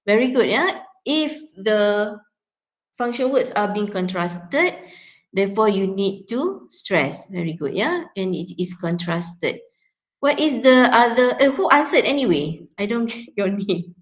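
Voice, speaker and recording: A woman lecturer with a Malaysian accent teaches her students, walking through each point in turn. She keeps checking in with a quick "yeah?" as she goes, in a voice of ordinary middle pitch. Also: animated, poor audio. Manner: explains step by step, often checking with "yeah?". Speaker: university lecturer. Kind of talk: teaching a phonetics class.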